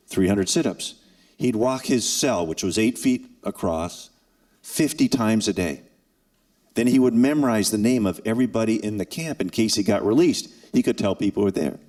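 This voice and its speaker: A man in his sixties speaks at a forum for students in a deep, low voice. He tells his story in an earnest way, with dramatic pauses and acted quotes. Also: darkish tone. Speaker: former NFL kicker and forum speaker. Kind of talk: emotional personal storytelling to students. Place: event hall.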